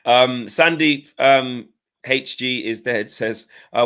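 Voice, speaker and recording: A man hosting a casual panel show, reading out viewer messages in a relaxed, chatty, slangy way. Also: medium pitch, slow pace, clean tone. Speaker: host.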